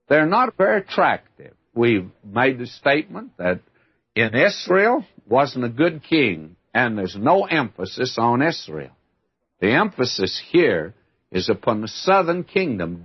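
An older man teaches the Bible in a folksy, emphatic style, addressing the listener as "my friend." His medium-pitched voice has a breathy edge, and the archival recording is dull and lo-fi.

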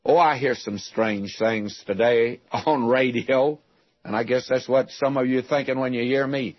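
An older preacher from West Texas teaches through a Bible passage in a folksy, homespun way, asking rhetorical questions and telling stories from his boyhood. His voice is a little husky, and the sound is dry and close. The recording is muffled and lo-fi, like an old radio broadcast. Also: medium pitch, measured pace, no room sound.

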